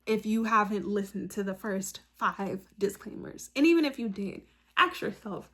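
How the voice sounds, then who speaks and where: A woman's voice: medium pitch, animated, moderate pace, a bit bright. A woman talking straight to her viewers with motivational advice, earnest and direct, counting off her points one by one. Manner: repeats phrases for emphasis, says "like" often. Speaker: self-help video host. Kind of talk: motivational monologue to camera.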